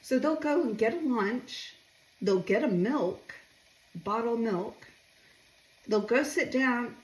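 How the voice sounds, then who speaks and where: A woman's voice: fairly high pitch, lively intonation, slow, pauses often, echoey room. A middle-aged woman chatting casually while she cooks, rambling and asking viewers questions. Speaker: home cooking vlogger. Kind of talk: casual chatty cooking vlog. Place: home kitchen.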